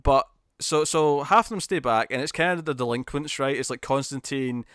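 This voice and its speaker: Male co-host, casual TV chat, excitable retelling, mid pitch, dry close sound. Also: clean tone, no echo. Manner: animated, laughing, quick retelling with acted quotes. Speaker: podcast co-host. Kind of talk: casual chat about TV episodes.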